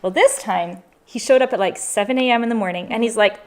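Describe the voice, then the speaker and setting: A woman's voice: a little high, fast, background noise. Chatty Canadian woman hosting a live Q&A. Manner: chatty, upbeat, strings thoughts into long lists. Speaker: travel channel host. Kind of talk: live Q&A chat.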